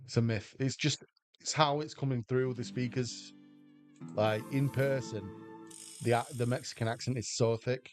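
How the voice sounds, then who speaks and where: A man's voice: mid-range voice, steady tone, moderate pace, soft background music. An English man livestreaming slots, chatting casually and rambling as he answers viewers' questions aloud. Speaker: slot livestreamer. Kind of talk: casual chat with stream viewers.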